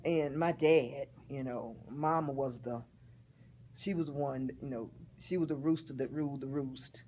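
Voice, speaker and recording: A woman, telling a personal story in an interview in a heartfelt, expressive way. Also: very deep voice, measured pace, slight background noise. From Texas. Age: 50s.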